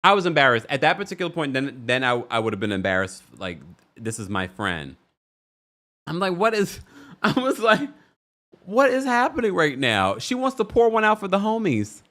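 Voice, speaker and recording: A man's voice: mid-range voice, big pitch swings, fairly quick, pushed and bright. A man hosting a livestream who chats and gossips about a reality show, reads viewer comments aloud and laughs often. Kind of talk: casual reality TV recap commentary.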